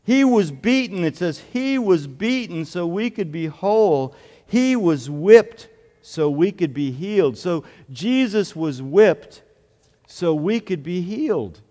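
A man's voice: sits high, expressive, slow, warm tone, big-room sound. A male pastor giving a children's sermon in a church, explaining things simply and earnestly and asking the children questions.

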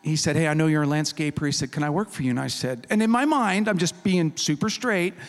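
A man preaching a sermon as a humorous, animated storyteller who acts out the people in his story. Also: a little high, quick pace. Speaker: pastor. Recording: reverberant hall recording.

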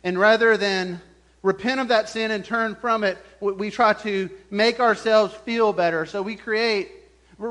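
A high-pitched man delivers a sermon as a pastor, full of animation. He chuckles often and acts out the voices of the people he quotes.

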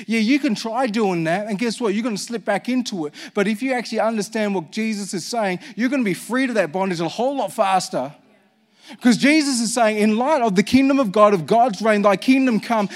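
High-voiced male pastor preaching. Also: brisk. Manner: conversational, rhetorical questions to the congregation. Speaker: senior pastor. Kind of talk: sermon.

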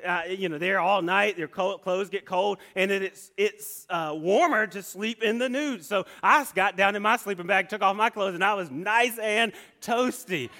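High, bright-voiced man telling a story. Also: normal speed, hardly any pauses. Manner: animated storyteller with many restarts and asides.

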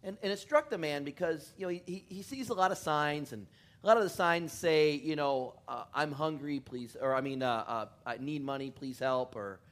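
A man's voice: fairly high pitch, animated, brisk, fairly bright tone. A male pastor giving a loose, joking sermon in a church, often chuckling, making fun of himself and rambling between asides. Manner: chuckling, self-deprecating, rambling. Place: church in California.

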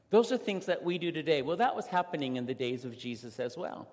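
Animated male pastor in an echoing hall. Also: fairly high pitch. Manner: animated storytelling with dramatic pauses. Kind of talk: sermon. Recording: long reverb of a large hall.

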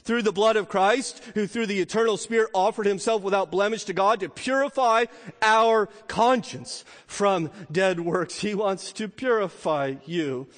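Male pastor, middle-aged, high voice, sermon with dramatic rises and soft asides, echoing church hall. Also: unhurried. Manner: rising to emphatic peaks, then dropping to quiet asides. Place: church sanctuary. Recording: long reverb of a church hall.

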